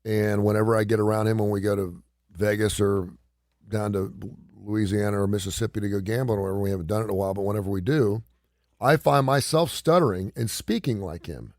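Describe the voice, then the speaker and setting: A man's voice: lowish voice, quick pace, a little mellow, dry recording, clean studio sound. A middle-aged man hosting a radio talk show, chatting casually and reading headlines aloud. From not from the South. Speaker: radio host.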